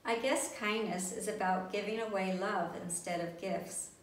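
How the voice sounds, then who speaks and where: A woman voicing a big, gentle male bear, speaking earnestly in a storybook reading. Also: mid-range voice, fairly even intonation, moderate pace, lightly acted. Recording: roomy, distant, faint background noise.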